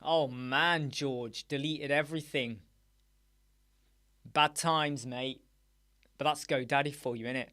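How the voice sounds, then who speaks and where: A man's voice: medium pitch, steady tone, slow, long pauses, pushed and bright. A man hosting a casual live-stream chat show, joking around, playing with words and laughing often as he answers viewers. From United Kingdom. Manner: jokey, playful, riffs on words and laughs often. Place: small dark room with soundproof panels.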